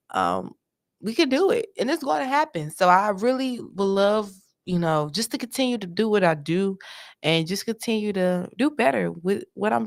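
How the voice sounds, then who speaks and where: A woman's voice: on the low side, gravelly. A woman hosting a show, giving casual, joking commentary on news stories with lots of exclamations. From North Carolina. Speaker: show host.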